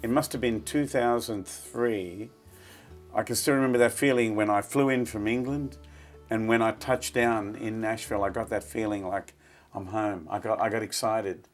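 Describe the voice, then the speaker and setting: A middle-aged Australian man, a guest musician, telling stories in a relaxed, chatty interview. He often repeats words as he recalls things. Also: lowish voice, normal speed, soft background music.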